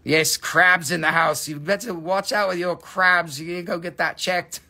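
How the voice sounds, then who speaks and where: High-voiced joking man on a live sale. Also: steady tone, normal speed, sharp tone. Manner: joking, playful, chatty with viewers. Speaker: host of a live rock and mineral sale. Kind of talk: casual live-stream chat.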